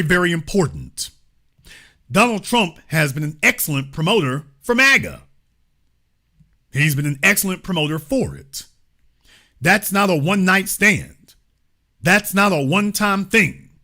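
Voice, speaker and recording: Male talk host, lecturing and emphatic, bright forceful tone, animated delivery. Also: high voice. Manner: emphatic, lecturing, presses the caller. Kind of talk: political commentary and call-in.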